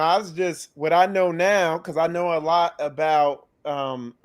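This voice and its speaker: A man hosting a ministry talk show, chatting casually about faith and affirming his guest in a halting, searching way. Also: fairly high pitch, clean tone.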